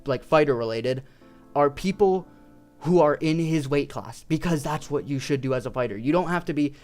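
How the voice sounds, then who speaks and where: A man's voice: on the high side, moderate pace, soft background music. A young man ranting casually about his favorite fighters, swearing constantly and rambling. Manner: profane, rambling, excitable. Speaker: video creator.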